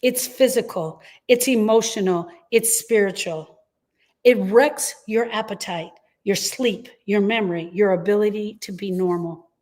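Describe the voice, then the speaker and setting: A woman's voice: mid-range voice, measured pace, darkish tone. Emphatic woman reassuring grieving parents. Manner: earnest, emphatic, reassuring, repeats key phrases. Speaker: grief coach and host. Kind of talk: live-streamed talk to grieving parents.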